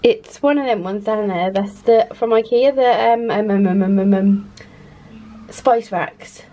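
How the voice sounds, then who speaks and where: Chatty mum vlogging at home. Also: female voice, medium pitch, unhurried, mellow. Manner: chatty, scattered, talks to camera while doing chores. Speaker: vlogger, mother of four. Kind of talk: casual home vlog. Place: family house, indoors.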